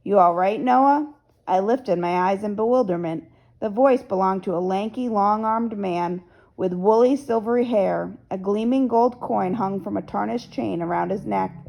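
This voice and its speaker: A woman reading a novel aloud as first-person narrator, in a steady storytelling manner. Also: medium pitch, moderate pace, vocal fry, low-quality recording. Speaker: audiobook narrator.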